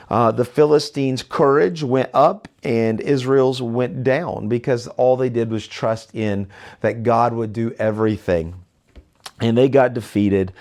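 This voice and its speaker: A man's voice: medium pitch, darkish tone. A man giving casual verse-by-verse Bible teaching in a conversational way, with many fillers and restarts and frequent check-in questions to the listener.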